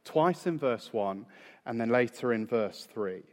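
Slowing down to drive home key phrases, a man delivers an emphatic, measured sermon. The recording carries a large hall's long reverb around his animated mid-range voice.

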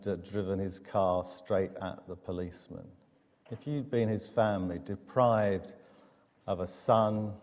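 A preacher delivers a sermon in a slow, emphatic cadence, pausing for effect between phrases. His voice sits low and mellow. It rings with the long reverb of a church hall. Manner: measured, emphatic preaching with dramatic pauses.

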